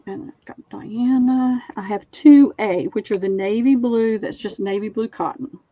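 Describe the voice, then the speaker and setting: A woman with a Southern American accent hosts a live sale, chatting easily as she describes each linen piece. Her voice sits in a middle pitch, dry and close, with slightly dull, muffled audio. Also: unhurried, warm tone, no echo. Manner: chatty, describes items in detail. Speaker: online sale host. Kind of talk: live-stream selling chat.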